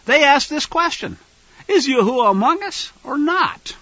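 A man teaching scripture to a fellowship, animated and acting out quoted lines. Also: extremely high pitch, measured pace, dry recording, highs cut off.

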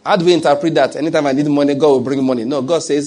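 A Nigerian-accented male pastor delivers a sermon in a slightly raised, husky voice. He asks his listeners rhetorical questions and drops in humor as he preaches. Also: a little high, steady tone, racing, few pauses, mellow.

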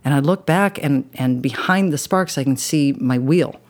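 Her voice rumbling low and a little mellow, a woman speaks at a moderate pace while telling a personal story as a podcast guest. She's earnest and rambling, full of "you know" asides, and emotional, intensely so when recalling the crash.

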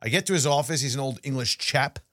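A middle-aged man co-hosting a podcast, telling a story in casual chat with animated delivery and frequent restarts. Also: mid-range voice, fast talker, dry recording, clean studio sound. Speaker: podcast co-host.

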